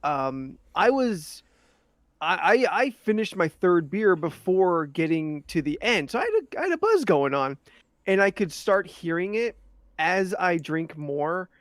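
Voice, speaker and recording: A man's voice: sits high, very animated, measured pace, a bit bright, no echo, studio quality. A man co-hosting a podcast, rambling in casual chat with lots of ums and restarts. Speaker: podcast co-host.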